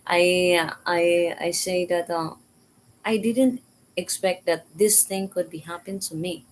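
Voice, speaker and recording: A woman casually telling a personal story in halting, repetitive English. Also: fairly low pitch, fairly even intonation, a little hiss or hum, low-quality recording. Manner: halting, repeats words, simple learner English.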